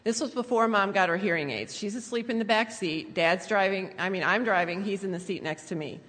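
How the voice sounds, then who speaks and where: Bright-voiced sarcastic woman in a hall. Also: medium pitch, a little fast. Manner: sarcastic, teasing. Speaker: daughter telling family stories. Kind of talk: humorous storytelling to an audience.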